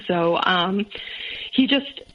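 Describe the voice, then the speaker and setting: Woman guest, 30s, low-ish voice, halting and full of fillers, dull phone-line sound. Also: animated, fairly bright tone. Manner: halting, many fillers and restarts, quotes others in voices. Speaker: interview guest. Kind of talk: candid personal storytelling. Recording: muffled phone-line audio.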